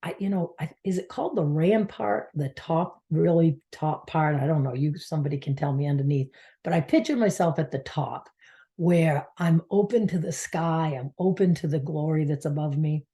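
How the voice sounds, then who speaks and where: Woman, from Maine, spiritual coach, personal story, heartfelt, rambling, low pitch, mellow. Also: moderate pace. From Maine, United States. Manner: heartfelt, rambling, drops to a near whisper at times. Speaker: spiritual coach, channel host.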